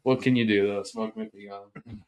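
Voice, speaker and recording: Male podcast co-host, lowish voice, easygoing and self-mocking. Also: fairly even intonation, normal speed, a little mellow. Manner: easygoing, laughs often, self-deprecating. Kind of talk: casual chat. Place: small home studio room.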